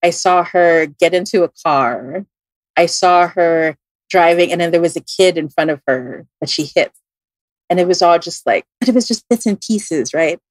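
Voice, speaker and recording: A woman's voice: moderate pace, no echo. A woman with a Filipino accent, a tarot reader guest on a podcast, telling a story casually with lots of fillers and restarts, and acting out the voices she quotes. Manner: animated, acts out quoted voices with big jumps in pitch.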